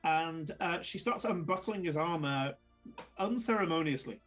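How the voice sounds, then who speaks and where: A man runs a tabletop game. His narration is casual and halting, full of fillers and restarts, and his voice sits fairly high for a man. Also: expressive, a bit bright, faint music behind. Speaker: game master.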